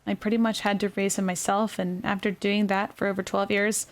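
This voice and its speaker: A young adult woman reading her own novel aloud in a quiet, gentle ASMR narration, with small self-corrections. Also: medium pitch, flat delivery, fairly quick. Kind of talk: soft-spoken ASMR story reading.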